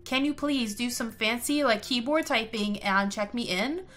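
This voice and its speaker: A woman's voice: a little high, normal speed, a bit bright, natural voice. A woman voicing an impatient, pregnant young vampire woman who pleads in an exasperated way. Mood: impatient, pleading.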